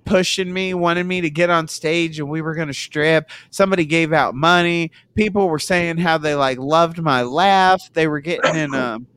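A man's voice: fairly high pitch, fairly even intonation, normal speed, few pauses, fairly bright tone, smooth. A man hosting a podcast, telling a rambling story in casual chat and laughing often. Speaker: podcast host.

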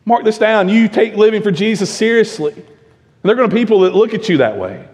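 A male pastor preaching a sermon, emphatic, full of rhetorical questions, swinging between loud and hushed. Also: high voice, animated, quick pace. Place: church sanctuary. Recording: long reverb of a church sanctuary.

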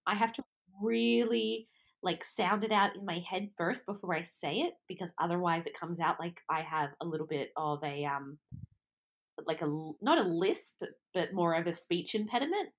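A young woman with an Australian accent and a lowish voice co-hosts a podcast at a normal pace. The chat is casual, and she giggles, mocks herself and trips over her words.

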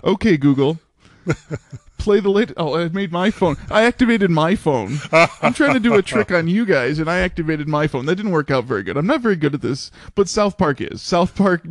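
A man's voice: fairly high pitch, animated, no room sound, studio quality. A man co-hosting a podcast, chatting casually and laughing often as he jokes. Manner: laughs often, quick and playful. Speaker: podcast co-host. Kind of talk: casual chat.

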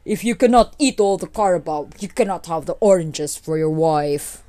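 A woman's voice: fairly low pitch, animated, moderate pace, dark tone, natural voice. A woman voicing a stern, powerful chief setting a test in a folk tale.

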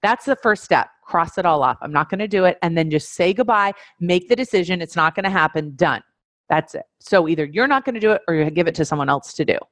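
This woman's voice sits on the low side and sounds expressive, brisk, and a bit bright, recorded dry with clean studio quality. She is a life coach teaching a webinar, and she delivers her instruction emphatically, circling back to key phrases and talking straight to her audience.

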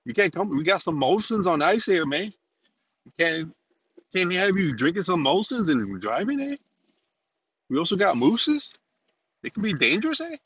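A goofy, folksy Canadian caricature, as a man puts him on with a mock Canadian accent. The voice jumps high and bouncy, far above his normal gravelly register. The recording is dull and lo-fi. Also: sing-song, normal speed, long pauses, a bit bright, exaggerated voice. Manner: sing-song, tacks on "eh". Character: exaggerated stereotype of a male Canadian, folksy.

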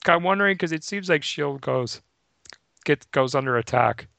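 A man's voice: on the high side, expressive, normal speed, gravelly, bright, forceful tone, no echo. A man co-hosting a podcast in casual chat, chipping in short remarks and dry joking asides. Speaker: podcast co-host.

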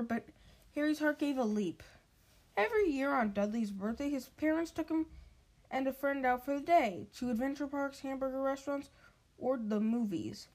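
A woman's voice: high-pitched, a little mellow. A woman reading a storybook aloud, with frequent stumbles and restarts.

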